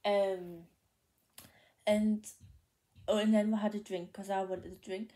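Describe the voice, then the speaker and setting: A woman's voice: medium pitch, flat delivery, measured pace, dark tone. Rambling Geordie woman vlogging. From North East England. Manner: rambling, many fillers and restarts. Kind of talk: casual chatty storytelling.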